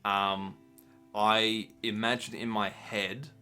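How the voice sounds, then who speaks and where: Bright-voiced game master, chatty and low. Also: male voice, level tone, slow pace, clear, resonant tone, faint music behind. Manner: chatty, hesitant with frequent ums. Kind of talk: casual chat about the campaign.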